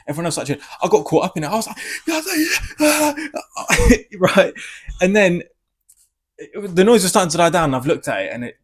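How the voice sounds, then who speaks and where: A man giving a casual spoiler review, rambling and excitable, swearing freely. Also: a little high. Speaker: film reviewer.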